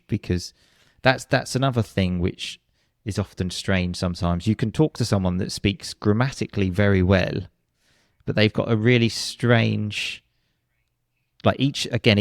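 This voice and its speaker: A man's voice: lowish voice, creaky, no room sound, clean studio sound. A man, an English pronunciation teacher, explaining his course in an interview and demonstrating word stress by repeating words, with frequent restarts.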